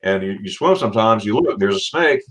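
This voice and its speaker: A middle-aged man from Florida hosting a casual livestream chat, telling animated stories and acting out what people said with laughs. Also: fairly low pitch, brisk. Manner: animated storyteller, acts out quotes with laughs. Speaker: livestream host.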